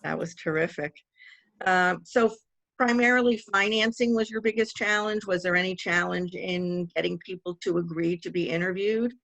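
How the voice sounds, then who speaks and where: A woman from Miami interviews a guest over a video call, measured and curious. Her voice carries a gravelly fry. The sound is dry and close. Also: on the low side, fairly bright tone, no echo, rough recording. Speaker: interviewer, museum director. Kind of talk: interview questions.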